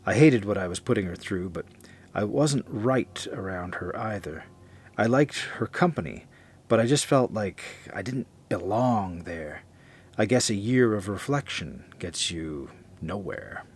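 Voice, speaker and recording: A man narrating a first-person horror story in a measured, confessional way. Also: on the low side, expressive, slightly rough.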